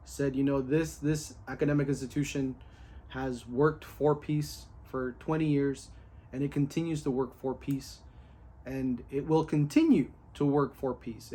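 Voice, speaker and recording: A man in a casual, excited recap of his day, candid, full of fillers and with the odd curse. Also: fairly high pitch. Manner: candid and excited, with many fillers and a bit of cursing.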